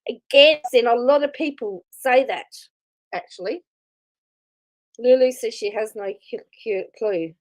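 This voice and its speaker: A woman's voice: fairly high pitch, measured pace, poor audio. A woman hosting casual live commentary on a video, chatty, reading viewer comments aloud and laughing often. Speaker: commentary host reacting to a video.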